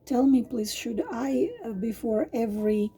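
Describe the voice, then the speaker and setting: A woman tarot reader with a hoarse, partly lost voice, talking casually and haltingly with many fillers and restarts. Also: fairly high pitch, fairly even intonation, mellow. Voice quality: husky, breathy. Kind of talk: casual tarot reading monologue.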